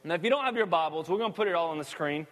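A pastor giving a sermon in a church, in a casual, folksy preaching manner with joking asides. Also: male voice, on the high side, lively intonation, rapid-fire, a bit bright, long reverb tail. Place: church sanctuary.

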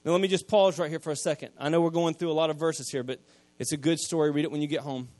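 A man, preaching a sermon, retelling scripture in casual everyday speech and swinging from quiet asides to loud emphasis. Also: fairly high pitch, fairly even intonation, fast talker, no room sound. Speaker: pastor.

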